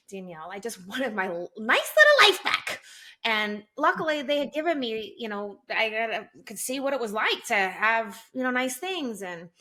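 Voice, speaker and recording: A woman in her forties tells her story as a podcast guest. Her voice is bright and clear, and she talks in a lively way, slipping into higher voices whenever she quotes someone. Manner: animated, acts out quotes in raised voice. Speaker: guest, sales training company president. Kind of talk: candid storytelling interview.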